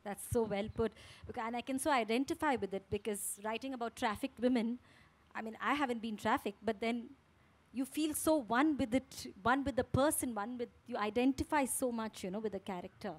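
A woman's voice: a little high, brisk. A woman with an Indian English accent, chairing a literary festival panel in an appreciative way.

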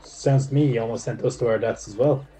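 A man's voice: medium pitch, fast talker, mellow, soft background music, rough recording. A man playing a tabletop game, talking bluntly and casually. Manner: blunt, swearing. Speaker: player.

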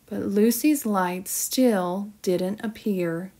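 A woman teacher reading a children's storybook aloud in an expressive, storytelling manner. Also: mid-range voice, drawn-out words.

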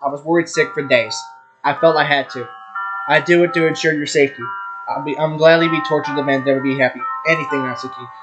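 A man's voice: on the high side, fairly even intonation. A young man reading a visual novel aloud, stumbling over names and swearing at his own slips. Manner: reads fast, stumbles on names, swears and laughs at himself. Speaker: gaming YouTuber. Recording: game music behind the voice. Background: background music.

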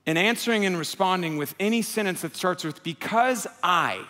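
A young adult pastor with a high-pitched voice preaches at a quick pace, talking conversationally and acting out the quotes he relates before building to impassioned near-shouting. Soft music plays behind him amid long hall reverb.

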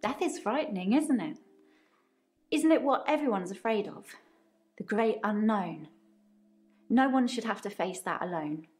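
Actress as a soft-spoken herbalist in a game, earnest, mid-pitch, music faint behind. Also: female voice, lively intonation, a little slow, pauses often, close to an everyday voice. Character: calm female herbalist with firm views on death. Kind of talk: game character dialogue.

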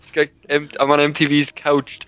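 A man's voice: fairly high pitch, monotone, moderate pace, fairly bright tone, faint music behind, rough recording. A young man giving casual commentary while playing a video game with a friend, chatty and joking, laughing at the chaos on screen. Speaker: gamer co-host.

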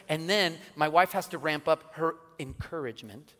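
Animated man preaching in a reverberant church. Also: a little high, normal speed. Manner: animated storytelling with jokes and laughter. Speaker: pastor. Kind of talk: sermon. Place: church sanctuary. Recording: church hall with long reverb.

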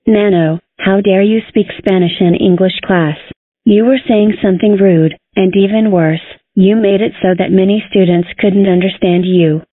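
A woman's voice: medium pitch, fairly even intonation, moderate pace, husky, no echo, natural voice. A female computer voice playing a strict schoolteacher in a cartoon, with a tinny phone-like sound. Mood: scolding. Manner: stern, scolding. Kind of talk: text-to-speech cartoon voice.

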